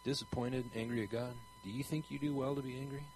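A man's voice: medium pitch, fairly even intonation, fast talker, a little mellow, a little hiss or hum, poor audio. A man speaking in a conversational preaching style, earnest and rambling, asking his listeners pointed questions. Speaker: traveling Christian preacher.

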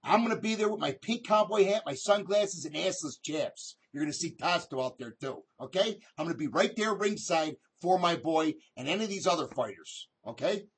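A man hosting his own video, pitching upcoming fights in a brash, emphatic way and keeping up a string of "okay?" checks. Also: lively intonation, moderate pace, hardly any pauses, slightly rough. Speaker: boxing promoter and video host. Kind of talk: hype promo talk to camera.

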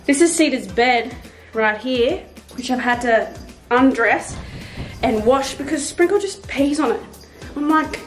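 A chatty young Australian woman rambles through a casual home vlog, slightly high-voiced and quick to joke and swear offhand. Her voice rings off the room around her, with music clearly playing in the background. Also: animated, echoey room. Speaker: vlogger. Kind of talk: casual day-in-the-life vlogging. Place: home, indoors.

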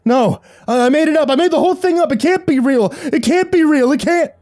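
A man voicing a teenage boy prankster who is frantic and shrill with disbelief. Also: animated, brisk, a little mellow, dry recording, clean studio sound. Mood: panicked.

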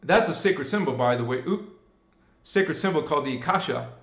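A man's voice: fairly high pitch, expressive, fairly quick, fairly bright tone, roomy sound. A man hosting a live spiritual stream. He talks in a casual, slangy way and leads his listeners through chants and affirmations. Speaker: spiritual livestream host.

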